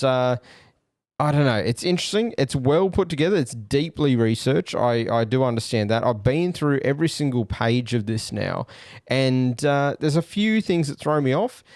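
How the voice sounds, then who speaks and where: Australian man, podcast host, casual musing commentary, smooth voice, dry recording. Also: mid-range voice, darkish tone, no echo. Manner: hesitant, many fillers, musing aloud.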